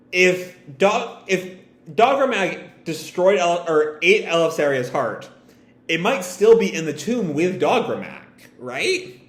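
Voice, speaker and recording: Musing man in an echoey room. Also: fairly high pitch. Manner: musing, thinks aloud with hesitant restarts. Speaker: manga reaction host. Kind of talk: live reading and reaction commentary.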